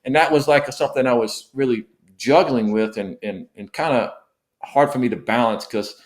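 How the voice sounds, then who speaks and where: A man's voice: mid-range voice, moderate pace. Earnest middle-aged man telling his story. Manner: earnest and emotional, often repeats words. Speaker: missionary guest. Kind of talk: storytelling in a podcast interview.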